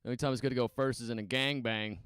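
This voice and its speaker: A man's voice: mid-range voice, fairly even intonation, racing, a bit bright, smooth, dry recording. A man and stand-up comedian, first answering interview questions, then doing a profane, rambling, self-mocking set in a small comedy venue on a handheld mic. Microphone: handheld stage mic.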